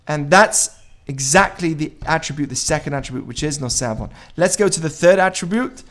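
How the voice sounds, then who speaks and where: Fairly high in pitch, fairly bright in tone, and fairly quick, a man's voice carries a casual Jewish teaching for a group. He speaks conversationally, asks the room questions, and brings quoted dialogue to life by acting it out.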